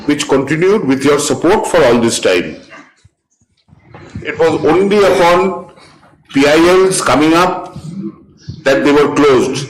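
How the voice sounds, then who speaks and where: A man's voice: a little high, lively intonation, unhurried, pauses often, a little hiss or hum. A man, a judge sternly questioning counsel in a courtroom. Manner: stern, sharply interrogating. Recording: echoey courtroom live stream.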